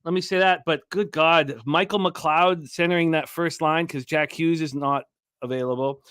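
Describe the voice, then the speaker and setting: A man's voice: on the high side, fairly even intonation, normal speed, a bit bright, smooth, dry recording, studio quality. A man hosting a sports betting radio show, talking energetically, rambling and throwing in crude jokes.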